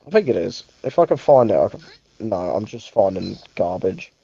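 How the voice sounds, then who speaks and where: A man's voice: low voice, big pitch swings, normal speed, creaky, warm tone, breathy edge, no echo, dull audio. A young man hosting a casual movie review podcast, rambling, correcting himself and swearing offhand. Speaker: podcast host.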